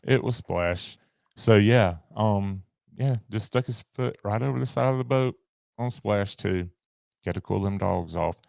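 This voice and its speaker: A man co-hosting a podcast, chatting in a relaxed, rambling way with lots of fillers. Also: lowish voice, unhurried, vocal fry, dry recording, clean studio sound. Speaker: podcast co-host. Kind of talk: casual chat.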